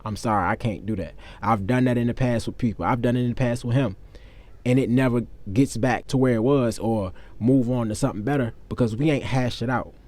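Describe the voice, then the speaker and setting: A young man talking straight to the camera, telling a personal story. His voice sits in a middle pitch, and his manner is casual, candid and full of profanity. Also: brisk, darkish tone. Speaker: vlogger.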